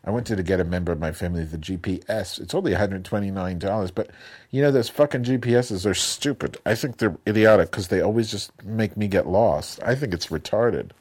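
A man with a lowish voice tells a meandering story and keeps dropping profanity along the way. He sounds casual and self-deprecating, like he's chatting with a friend on a podcast. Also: brisk, a little mellow, breathy edge. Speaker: podcast co-host. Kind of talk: crude casual chat.

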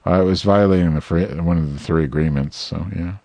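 A man making a prank phone call, talking in a sardonic, mumbling, deadpan way. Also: low voice, creaky, dry recording. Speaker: prank caller.

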